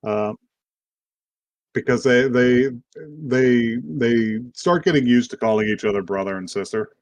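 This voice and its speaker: A man co-hosting a podcast, recapping an anime in a relaxed, rambling way with casual swearing. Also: mid-range voice, a little slow, dry recording. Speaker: podcast co-host.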